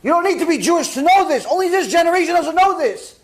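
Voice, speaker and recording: A man, a rabbi, giving a lively sermon and acting out little scenes with mock dialogue. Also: very high-pitched, fast. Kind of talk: sermon lecture.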